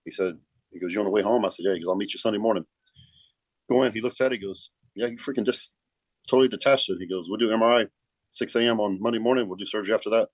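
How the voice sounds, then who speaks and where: Brief: middle-aged guy, low voice, quick, salty, spins a yarn in a dry, close sound. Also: no room sound. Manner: profane, keeps saying man. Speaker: guest, pro bodybuilder. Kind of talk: casual storytelling.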